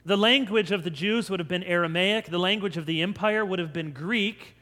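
An American pastor delivers an animated sermon. His voice sits high for a man, and he jumps into quick voiced asides for the crowd. A long reverb trails his words through the hall. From United States. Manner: animated storytelling preacher, acts out crowd voices.

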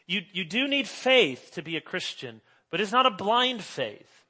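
A middle-aged male pastor preaching a sermon, swinging from hushed asides to loud emphasis. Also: a little high, animated, moderate pace, few pauses.

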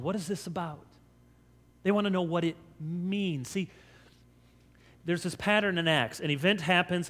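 An American pastor preaches with animated storytelling, his voice high for a man, breaking into quick voiced asides that act out the crowd. His words trail off in a long reverb through the hall.

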